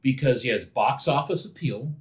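A man's voice: medium pitch, moderate pace. An opinionated man co-hosting a casual podcast, often restarting his sentences. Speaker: podcast co-host. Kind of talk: casual chat.

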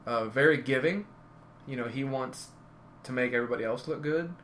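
A man's voice: medium pitch, fairly quick, a bit bright, a little hiss or hum. A man telling rambling wrestling stories in casual conversation, often correcting himself. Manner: rambling, self-correcting anecdotes. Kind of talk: casual storytelling.

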